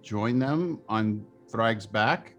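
A man playing a tabletop game, describing what his character does in a halting way full of fillers. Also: lowish voice, fairly bright tone, lo-fi sound, soft background music. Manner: halting, filler-heavy phrasing. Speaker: player. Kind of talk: tabletop role-play.

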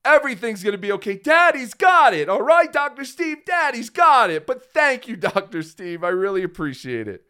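Guy with a really high smooth voice, brags and jokes around, calls himself daddy, lively up and down. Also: moderate pace, hardly any pauses. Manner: boastful, calls himself Daddy, jokey and loud. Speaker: guest host. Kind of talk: casual live-stream banter. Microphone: phone.

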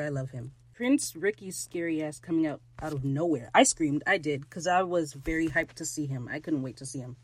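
A woman hosting a podcast, recapping a TV episode in casual chat, excitable and gushing, jumping loud and high when thrilled. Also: moderate pace, dry recording, rough recording. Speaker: podcast host.

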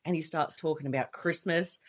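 A woman's voice: low-pitched, steady tone, brisk. A woman casually recapping a horror film as a podcast co-host, telling the story with a laid-back, joking manner. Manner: laid-back storytelling, reads from notes, frequent laughs. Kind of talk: casual movie recap chat.

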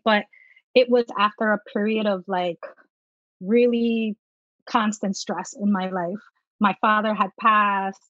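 A woman in her thirties telling her story as a guest in an interview, earnest and lively when she quotes herself. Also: medium pitch, no echo, lo-fi sound. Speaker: guest, tapping practitioner.

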